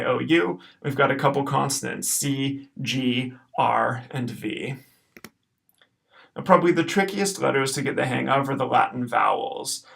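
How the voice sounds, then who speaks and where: Patient man with a gravelly voice teaching. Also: mid-range voice, bright, forceful tone. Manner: patient, explains step by step, checks in with okay. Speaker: Latin teacher. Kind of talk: recorded homework lesson over slides.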